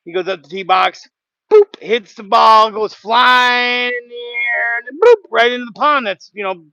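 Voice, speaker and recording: Casual sawmill host, male, high bright voice, rambling storyteller, dry muffled sound. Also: creaky, dry recording. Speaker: sawmill worker and livestream host. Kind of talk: casual livestream chat and joke telling. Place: outdoors at a sawmill.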